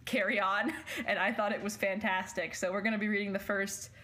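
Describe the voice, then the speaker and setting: A woman's voice: medium pitch, fairly even intonation, fairly quick, sharp tone. A young woman hosting a casual chat, talking in a rambling way with lots of fillers. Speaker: podcast host.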